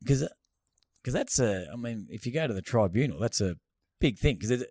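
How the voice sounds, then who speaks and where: A man's voice: medium pitch, animated, brisk, darkish tone, no echo, studio quality. A man with an Australian accent co-hosting a podcast, telling crude, laughing stories in casual banter. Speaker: podcast co-host.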